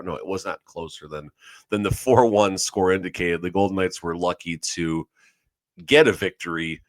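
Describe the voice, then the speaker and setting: A man's voice: low voice, moderate pace, no echo. A man co-hosting a sports podcast in casual chat, rambling and often correcting himself. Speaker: podcast co-host.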